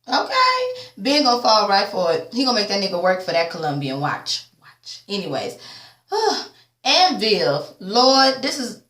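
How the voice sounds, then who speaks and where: A tired woman giving a sassy, casual TV episode recap, swearing freely and jumping up in pitch when she quotes the characters. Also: wildly swooping pitch, unhurried, a bit bright. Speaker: TV recap vlogger. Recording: echoey room.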